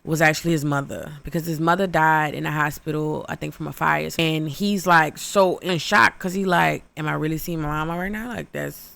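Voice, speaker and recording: A young woman tears through a horror movie recap in a loose, foul-mouthed comic rant, jumping into the characters' voices as she goes. Her voice is bright with a gravelly edge, and the sound is close and dry. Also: deep voice, normal speed, hardly any pauses, dry recording. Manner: profane, animated, acts out characters with exaggerated voices. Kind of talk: casual comedic movie recap.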